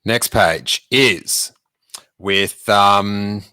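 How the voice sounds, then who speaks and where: A podcast host reading a children's book aloud, jokey and animated, breaking in to do character voices and make asides. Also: male voice, on the low side, very slow, clean tone, dry recording. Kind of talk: casual read-aloud with commentary.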